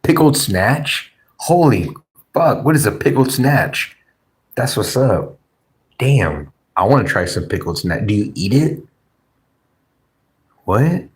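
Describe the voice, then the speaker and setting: A man's voice: mid-range voice, animated, unhurried. A man hosting a livestream, rambling and joking crudely while reading chat aloud. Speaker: livestream host.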